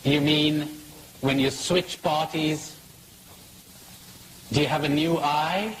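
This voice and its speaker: Slow, reflective male speaker. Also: on the high side, fairly even intonation, fairly bright tone, echoey room, in a large hall, low-quality recording. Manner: storytelling with jokes, laughs at own punchlines. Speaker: spiritual teacher. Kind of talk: recorded public talk. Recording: faint hiss, 1980s talk recording.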